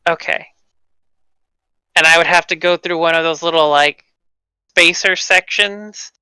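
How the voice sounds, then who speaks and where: Woman at a tabletop game, bright crisp voice, eager questions. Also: on the low side, measured pace, dry recording, poor audio. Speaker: player.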